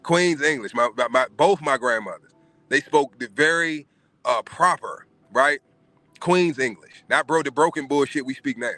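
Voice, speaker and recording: A man's voice: medium pitch, normal speed, sharp tone, dry recording, faint music behind. A man hosting a casual podcast, giving emphatic, profane opinions. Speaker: podcast host.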